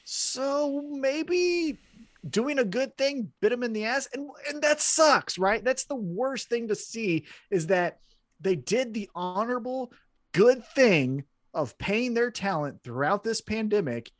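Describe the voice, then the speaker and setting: A man's voice: very high-pitched, slow, no room sound. A man co-hosting a wrestling podcast in casual chat, blunt and swearing freely as he tells stories. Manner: blunt, swears, animated storytelling.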